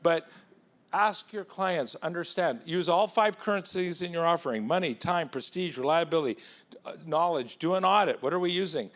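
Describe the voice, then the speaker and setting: A man in his fifties giving a punchy, animated motivational keynote at a business conference, telling stories and speaking straight to audience members. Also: fairly high pitch, moderate pace. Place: conference hall.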